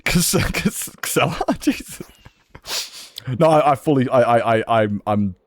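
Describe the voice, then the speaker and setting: A man's voice: medium pitch, lively intonation, slow, no room sound. A man chatting casually on a gaming livestream, swearing freely and laughing often. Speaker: streamer.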